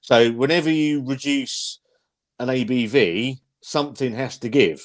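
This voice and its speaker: A man hosting a relaxed livestream, talking bluntly and swearing freely. He rambles, restarting his sentences as he works through his points. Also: medium pitch, a little slow. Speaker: host. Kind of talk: casual livestream beer chat.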